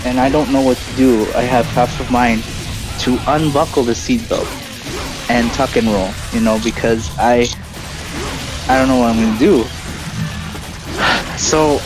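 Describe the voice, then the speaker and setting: A man's voice: medium pitch, rough recording. Rambling man telling a story over game music. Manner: rambling, full of "you know" and "like" fillers. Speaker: streamer host. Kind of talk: casual storytelling during a game stream.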